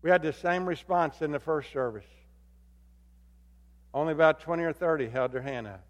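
A man preaching a sermon as pastor, swinging between loud emphatic calls and low hushed appeals. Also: normal speed. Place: church sanctuary. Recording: long hall reverb.

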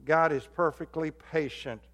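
A man preaching a sermon as pastor, swinging between loud emphatic calls and low hushed appeals. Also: steady tone, a little slow. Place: church sanctuary. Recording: long hall reverb.

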